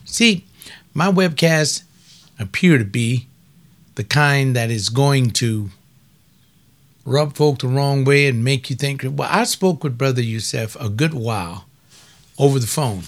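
An older man preaching informally on a webcast, folksy and emphatic, repeating lines for stress. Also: mid-range voice.

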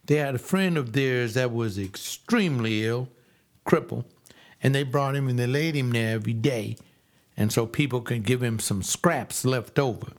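A male preacher delivering a sermon in a folksy, emphatic way, slowing down to stress key phrases. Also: mid-range voice.

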